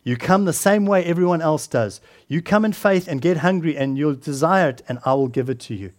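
A preacher giving God a low, hushed voice. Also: male voice, lively intonation, a little fast, natural voice. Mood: solemn. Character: God answering, calm and solemn, male deity.

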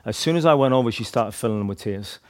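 A man's voice: medium pitch, animated, fast talker, no room sound. A man casually recounts his street evangelism, rambling and leaning on "like" and "you know". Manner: rambling, heavy use of "like" and "you know", restarts. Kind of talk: casual storytelling testimony.

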